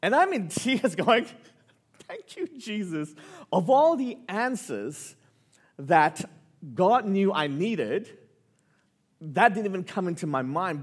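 A man preaching a sermon, telling a personal story with lively, animated delivery that rises with excitement. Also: medium pitch. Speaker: pastor.

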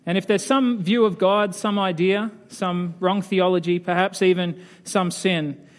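High-voiced preacher telling a story. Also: male voice, measured pace. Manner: relaxed, hesitant storyteller with many fillers. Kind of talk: sermon storytelling.

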